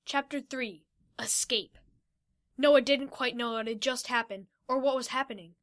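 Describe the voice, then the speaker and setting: A woman's voice: fairly high pitch, normal speed. A woman reading a fantasy adventure story aloud, giving the characters light voices.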